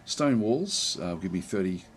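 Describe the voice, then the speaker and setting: A man giving relaxed let's play commentary on a strategy game, thinking aloud with many fillers and restarts. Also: sits low, a little slow, a little hiss or hum.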